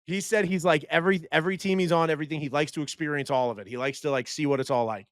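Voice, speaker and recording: A man co-hosting a casual podcast chat, telling lively anecdotes and laughing as he talks. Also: on the high side, racing, no room sound, clean studio sound. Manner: animated storyteller who laughs mid-sentence. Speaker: podcast co-host.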